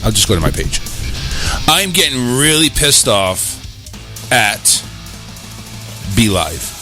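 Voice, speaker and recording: Lively, bright-voiced male talk show host. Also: mid-range voice, slow pace, faint music behind. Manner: blunt, swears freely, easily irritated. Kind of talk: casual live-streamed chat. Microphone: new microphone.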